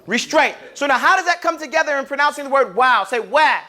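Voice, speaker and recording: A man's voice: very high-pitched, fast talker. A man teaching Arabic letter pronunciation, asking the class to repeat sounds after him and acting out each sound. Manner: demonstrates sounds, sometimes loudly.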